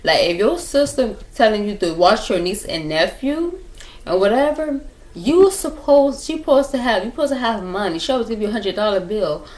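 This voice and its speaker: A woman's voice: mid-range voice, animated, moderate pace, a little mellow. A young woman telling a rambling story to her viewers in a casual chat, repeating herself and talking straight to them, recorded on a laptop at home. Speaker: vlogger telling stories.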